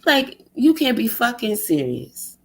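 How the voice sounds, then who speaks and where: Heard on a rough recording, this vlogger has a high-side, very animated voice and speaks a little slowly. Her rant is exasperated, sarcastic and full of swearing, with rhetorical questions and put-on mockery of others.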